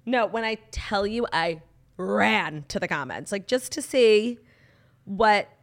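A woman's voice: medium pitch, slow, vocal fry. A young woman co-hosting a casual chat podcast, telling stories animatedly and acting out quotes with laughter. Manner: animated storytelling, acts out quotes loudly, laughs often. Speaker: podcast co-host.

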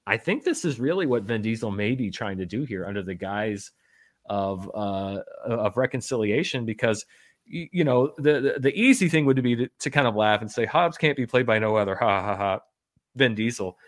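A man's voice: mid-range voice, animated, normal speed. A man hosting a podcast, chatting casually about news in a wry, joking way, with many fillers and restarts. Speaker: podcast host. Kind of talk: casual chat reading news.

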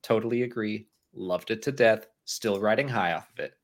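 Male co-host, low-pitched, easygoing live-stream banter, frequent laughs. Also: normal speed. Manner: animated, laughs often, reads super chats aloud. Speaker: podcast co-host. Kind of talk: casual live-stream chat.

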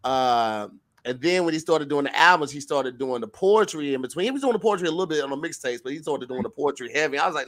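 A man co-hosting a casual podcast, talking in a playful, animated way and swearing freely. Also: a little high, fast, hardly any pauses. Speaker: podcast co-host.

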